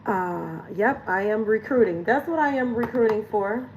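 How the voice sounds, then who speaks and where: A woman's voice: mid-range voice, normal speed, darkish tone, dull audio, slight background noise. A woman lifestyle coach talking frankly and chattily straight to her viewers in a casual vlog, swearing now and then. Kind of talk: candid direct-to-camera vlog talk.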